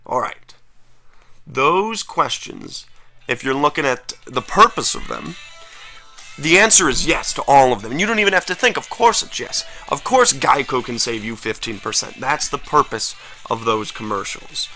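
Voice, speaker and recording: A man's voice: mid-range voice, lively intonation, moderate pace, pushed and bright, soft background music. A man teaching a recorded grammar lesson, talking straight to students with energy and emphasis.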